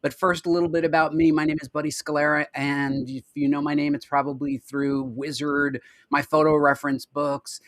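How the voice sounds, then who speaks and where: A man hosts a live show over a video call, chatty and joking as he runs through names and lists. His voice sits fairly high for a man and sounds dry and close, with little room sound. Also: flat delivery, normal speed, few pauses, no room sound. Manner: chatty and jokey, rattling off lists. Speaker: podcast host. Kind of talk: casual live-stream chat.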